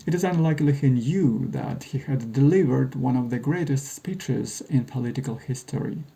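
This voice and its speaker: Male narrator, measured and wry, very dark gravelly tone, scripted read. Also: medium pitch, low-quality recording.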